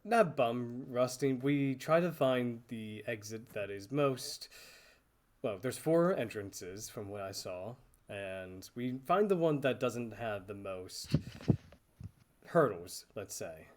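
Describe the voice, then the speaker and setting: A man narrating as dungeon master, describing scenes in a relaxed, loosely improvised way. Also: medium pitch, takes it slowly. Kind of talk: narrating a tabletop game.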